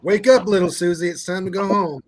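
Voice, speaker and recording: A man's voice: sits high, fairly even intonation, fairly quick, crowd noise. A man hosting a casual livestream chat, teasing and joking and laughing often. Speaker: livestream host.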